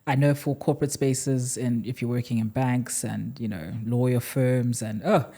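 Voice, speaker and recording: A woman's voice: very deep voice, steady tone, moderate pace, mellow. Reflective South African woman co-host. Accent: South African English. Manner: reflective and affirming, thinking aloud. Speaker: podcast co-host. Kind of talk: casual conversational podcast chat.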